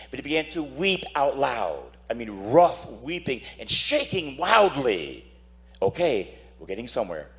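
A man who is a priest, preaching a dramatic sermon, telling stories and acting out voices while asking "Amen?". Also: on the high side.

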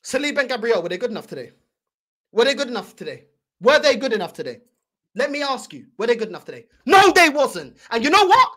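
A woman's voice: a little high, very animated, fast talker, a bit bright. A young woman, hosting a football fan channel and ranting angrily, mocking and repeating herself. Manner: heated, mocking, repetitive ranting. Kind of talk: angry fan reaction rant.

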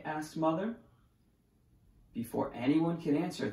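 A preschool teacher reading a picture book aloud to children, expressive and animated, in a roomy echo. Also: mid-range voice, unhurried, creaky. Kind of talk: storybook read-aloud.

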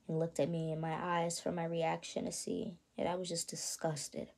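An 18-year-old woman telling her own story in a vlog, soft and halting, often stopping to ask "you know what I mean". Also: on the low side, gravelly. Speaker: vlogger. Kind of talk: confessional personal storytelling.

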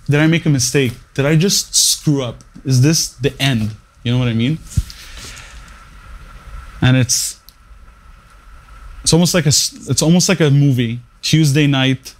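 Emphatic man with punchy short phrases. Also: medium pitch. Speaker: radio morning show producer. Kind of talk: interview storytelling and career advice.

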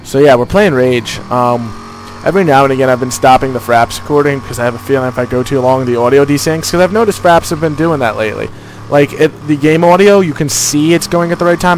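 A man hosting a casual let's play, chatty and excitable, swearing freely. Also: medium pitch, slight background noise. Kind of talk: casual gameplay commentary.

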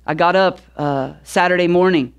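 A pastor in his thirties preaching a sermon through a relaxed personal story, talking conversationally with casual fillers. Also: high voice, moderate pace, clear, resonant tone, highs cut off.

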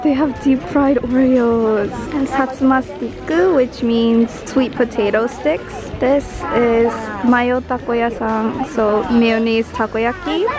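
Young woman, twenties, fairly high voice, casual vlog chat, giggly, Japanese words mixed in, faint background music. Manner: chatty and giggly, slips Japanese words into English. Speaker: vlogger.

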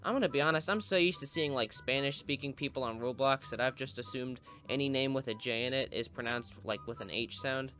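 A man's voice: medium pitch, fairly quick, few pauses, sharp tone, faint music behind. A young man giving comedic, sarcastic commentary over his own gameplay with goofy mock-villain asides. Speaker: gaming video host.

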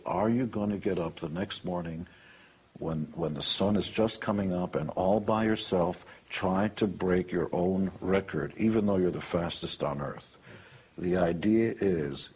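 A man's voice: sits low, a little mellow, slightly rough. A man telling blunt, boastful and joking stories about his life and his work. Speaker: interviewee. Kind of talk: motivational anecdotes.

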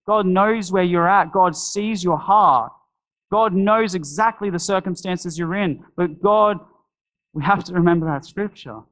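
A man's voice: fairly high pitch, fairly bright tone, rough recording. A man preaching a sermon in a church, earnest and pleading, voicing prayers to God along the way. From Australia.

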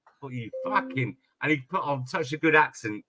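A man's voice: a little high, fast talker, sharp tone. A British man hosting a live stream chat, telling stories animatedly and swearing freely. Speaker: streamer host.

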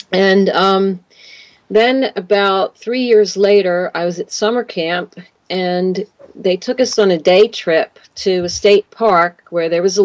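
On a radio interview, a woman guest tells a long personal story, rambling, repeating words, and often saying "you know" and "like." Her voice is medium-pitched, and the recording is rough.

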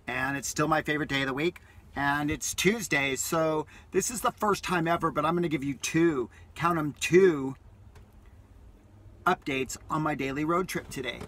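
A man's voice: fairly high pitch, normal speed, fairly bright tone. A man vlogging from his parked vehicle, telling a rambling, enthusiastic story in a casual way that repeats itself.

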